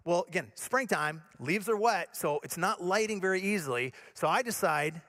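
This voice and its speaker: A male pastor preaching a sermon by telling a comic personal story in an animated, self-mocking way. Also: high-pitched, normal speed.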